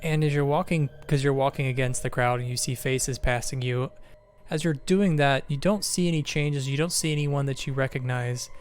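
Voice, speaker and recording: A man's voice: medium pitch, normal speed, a little hiss or hum. A man describing scenes as the game master of a tabletop role-playing game.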